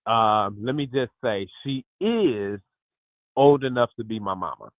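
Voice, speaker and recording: A man in his fifties hosting a lively group call, exuberant and emphatic, often calling out to his listeners. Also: medium pitch, a little slow, no room sound. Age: 50s. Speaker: host. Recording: dry tinny phone line.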